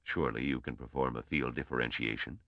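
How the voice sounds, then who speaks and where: A man voicing a shrewd, brisk old male mathematician who speaks in clipped, testing commands. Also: a bass voice, steady tone, no room sound, highs cut off, voice pushed down. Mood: demanding.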